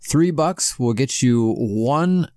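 A man's voice: mid-range voice, animated, slow, mellow, no room sound, studio quality. A man co-hosting a podcast in casual chat, loose and swearing freely as he laughs along. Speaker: podcast co-host.

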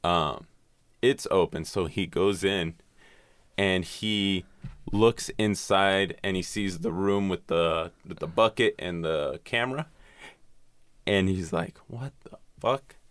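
A man's voice: low-pitched, slow pace, a bit bright, no echo. A man in casual chat, recapping a film's plot in a rambling way with lots of swearing and filler words. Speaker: podcast host recapping a film.

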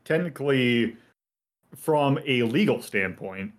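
A man running a tabletop role-play game as game master. He explains the setting hesitantly, with many fillers and restarts. His voice sits at an ordinary middle pitch. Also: animated, slow. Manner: hesitant, full of fillers, explains rules at length.

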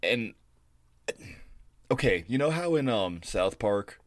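A man co-hosting a podcast, rambling and profane, getting animated when he retells stories. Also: fairly low pitch, takes it slowly, no echo, studio quality. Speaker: podcast co-host. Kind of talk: casual chat.

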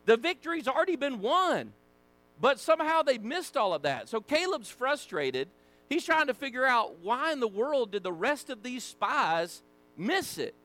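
A man with a Southern American accent teaching a Sunday school lesson, folksy and animated, acting out the people in the story. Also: very high voice, measured pace. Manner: animated, acts out voices, folksy asides. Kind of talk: casual Bible teaching.

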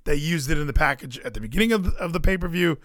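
Animated, high-voiced man ranting. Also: fast, no echo, clean studio sound. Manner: animated, sarcastic, shouts mock quotes. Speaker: podcast co-host. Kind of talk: casual wrestling chat.

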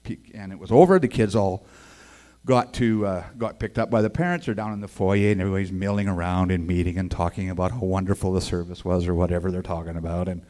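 A man's voice: low-pitched, quick pace. Folksy man telling his testimony. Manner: animated, acts out the other people's voices in his story; casual and folksy, with 'man' and 'boy, I tell you'. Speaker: speaker giving a personal testimony.

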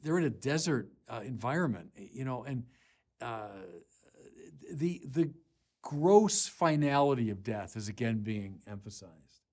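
A man preaching a sermon, unhurried with small restarts, rising to forceful emphasis on key lines. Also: mid-range voice, lively intonation.

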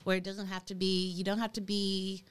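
A woman's voice: medium pitch, flat delivery, normal speed, smooth. A middle-aged woman talking casually as a podcast co-host, chatty and hesitant, with many ums and restarts. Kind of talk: casual chat.

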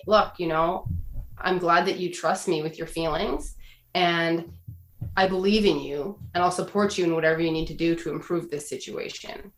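A woman with a lower voice speaks as a counselor, laying out her advice in an earnest, explanatory way. She acts out the phrases she quotes as she goes. Her voice rings in a roomy, echoing space. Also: a little hiss or hum. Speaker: guest counselor giving relationship advice. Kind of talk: casual podcast conversation. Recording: roomy echo.

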